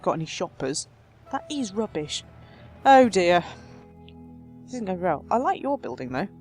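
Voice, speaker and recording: A woman hosts a let's play, talking through her game in a chatty, self-mocking way. Her voice sits at a middle pitch and jumps up and down as she goes. Faint game music plays underneath. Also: a little mellow. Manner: chatty and self-mocking, jumping between high and low. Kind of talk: casual gameplay commentary.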